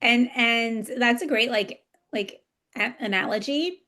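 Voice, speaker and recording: A woman's voice: fairly high pitch, a little slow, bright, forceful tone. A woman hosting a casual podcast conversation, rambling enthusiastically with lots of fillers. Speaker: podcast host.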